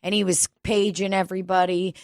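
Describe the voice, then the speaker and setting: A woman co-hosting a casual podcast chat, telling profane, animated stories and acting out the people in them. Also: medium pitch, brisk, gravelly, no room sound, studio quality. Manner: profane, animated storytelling with acted-out quotes. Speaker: podcast co-host.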